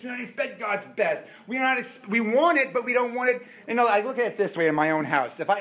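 A man in his forties preaching a sermon, telling stories with animated voices and quick asides. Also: a little high. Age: 40s. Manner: animated storytelling, acting out voices. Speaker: pastor.

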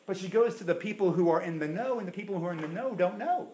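High-voiced preaching man, echoey room. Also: fast talker, slight background noise. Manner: animated preaching, swings from loud to hushed. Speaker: pastor. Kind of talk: sermon.

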